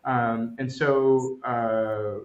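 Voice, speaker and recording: A man's voice: medium pitch, fairly even intonation, extremely slow, reverberant. Man, podcast co-host, casual storytelling, lots of ums, slightly dull sound. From Los Angeles. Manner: rambling, many fillers, acts out quotes.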